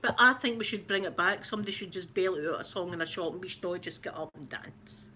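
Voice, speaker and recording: A woman's voice: on the low side, fairly even intonation, fast, background noise. A middle-aged Scottish woman hosting a livestream, chatting in a rambling way and greeting viewers by name. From Scotland. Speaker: ASMR livestream host. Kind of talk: casual livestream chat.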